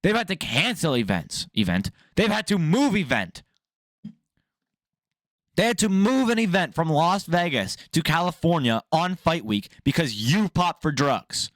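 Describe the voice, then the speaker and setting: A man's voice: a little high, a little slow, no echo, clean studio sound. A young man hosting an MMA news channel, giving blunt, profane, opinionated commentary in a casual rant. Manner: blunt, profane, animated ranting.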